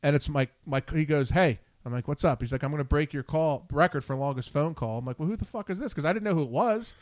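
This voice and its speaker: A man's voice: a little high, quick pace, no room sound. A man hosting a chat show, telling a long story with lots of swearing and acted-out quotes. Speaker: show host. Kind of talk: casual chat.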